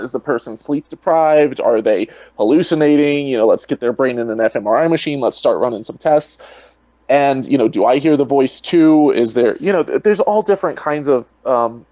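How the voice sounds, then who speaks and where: A man's voice: medium pitch, darkish tone, dry recording. Man, guest in an online debate, rambling, lots of fillers, dry muffled call audio. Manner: rambling, heavy on "you know" fillers. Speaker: guest, atheist video creator. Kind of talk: casual online debate chat.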